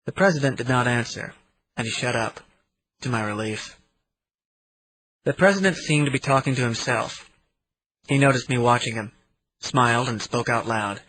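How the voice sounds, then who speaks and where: A man narrating an audiobook in the first person, in a steady reading manner. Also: mid-range voice, normal speed, long pauses, slight background noise, poor audio. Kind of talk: scripted narration.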